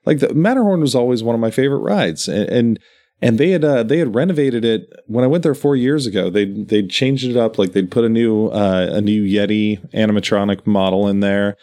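Low-voiced man in rambling chat. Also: a little fast, dark tone. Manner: meandering, enthusiastic storytelling. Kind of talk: casual chat.

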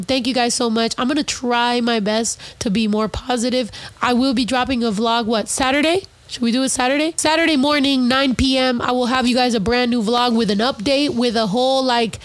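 A woman's voice: sits high, no echo. A woman hosting a podcast, upset after crying, ranting bluntly with heavy swearing. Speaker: podcast host. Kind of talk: emotional podcast rant.

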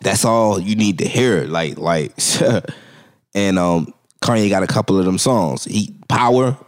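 A man's voice: deep voice, unhurried. A man hosting a casual song review chat, loose and slangy, laughing often. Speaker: podcast host rating songs.

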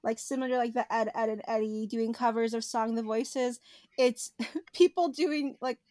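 A young woman co-hosting a podcast in casual chat, animated and laughing often as she tells stories. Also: a little high, moderate pace, no echo. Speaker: podcast co-host.

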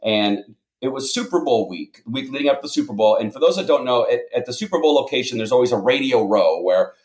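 A man telling self-deprecating anecdotes in a casual, lively way as a guest. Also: mid-range voice, fast. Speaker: guest storyteller. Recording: roomy echo.

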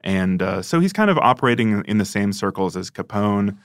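A man's voice: lowish voice, expressive, fairly quick, no echo, studio quality. A man co-hosting a casual history chat, who laughs often while he tells the story. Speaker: podcast co-host.

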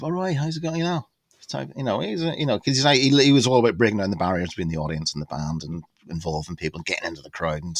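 A man in his fifties tells a story as a podcast guest, in a lowish voice with a dry, close sound. He talks in an animated, rambling way, swears freely and stops often to restart his sentences. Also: no room sound. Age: 50s. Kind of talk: casual storytelling anecdote.

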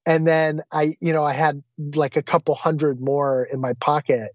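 A Vedanta teacher, appearing as a guest, tells a personal anecdote in a lively way, acting out the quoted voices and often restarting sentences. His voice is on the high side and moderately paced, and the recording is dry with dull audio.

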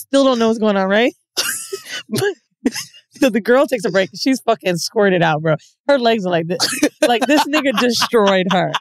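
A woman chats on a podcast, swearing freely and bursting into laughter as she tells a wild story. Her voice sits a little high and swings all over the place. The sound is close and dry. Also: dry recording. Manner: animated, profane, laughs often. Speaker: podcast co-host. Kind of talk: casual storytelling chat.

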